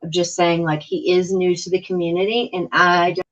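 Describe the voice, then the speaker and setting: A woman's voice: lowish voice, level tone, normal speed, fairly bright tone, muffled recording. A woman on a board meeting video call, speaking frankly but hesitantly, with many fillers. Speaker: housing board member. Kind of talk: meeting discussion.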